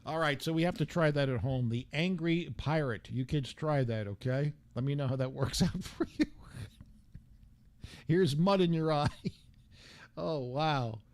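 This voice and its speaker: A man's voice: medium pitch, moderate pace, few pauses. A man hosting a radio talk show, joking and bantering crudely between clips.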